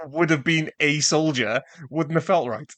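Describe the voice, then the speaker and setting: A man's voice: fairly high pitch, unhurried, fairly bright tone, no echo. A man co-hosting a film podcast, talking in a casual, rambling way full of fillers. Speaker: podcast co-host.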